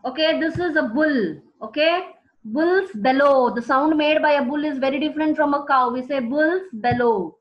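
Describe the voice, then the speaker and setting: High-voiced woman teacher. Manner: slow, repeating key words for students. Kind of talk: classroom vocabulary lesson. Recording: dull lo-fi recording.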